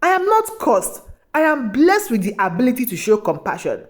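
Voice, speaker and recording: Woman narrator playing an old grandmother, calm and firm, compassionate, storybook tale. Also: fairly high pitch, moderate pace. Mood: resolute.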